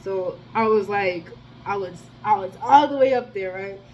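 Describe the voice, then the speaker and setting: A woman in the middle of a loose storytime monologue, tripping over restarts and swearing freely. Her voice sits at an ordinary pitch and leaps in loudness when she gets worked up. A faint hum of room ambience runs behind her. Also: moderate pace, poor audio. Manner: rambling, slangy and profane, with many restarts; animated, with sudden jumps in loudness. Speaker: storyteller vlogger.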